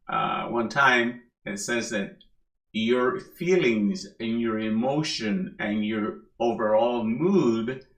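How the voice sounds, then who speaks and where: Middle-aged male minister, slow relaxed sermon delivery with repeated emphasis, roomy hall sound. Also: mid-range voice. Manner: relaxed, joking, with emphatic repetition. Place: church hall. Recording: echoey hall.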